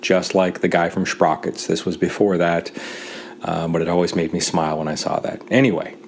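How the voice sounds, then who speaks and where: A man from Montana telling a wry personal anecdote in a relaxed way, with pauses and fillers. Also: low voice, a little hiss or hum. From Great Falls, Montana, USA. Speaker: storyteller.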